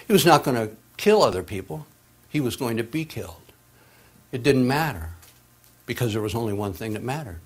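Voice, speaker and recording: A man preaching a sermon, swinging between hushed, drawn-out phrases and emphatic, raised passages, with dramatic pauses. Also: medium pitch.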